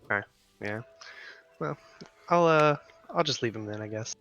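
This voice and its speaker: A man's voice: medium pitch, animated, normal speed, a bit bright, soft background music. A man playing in a tabletop role-play game, hesitant and casual, heard on a dull mic. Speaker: player.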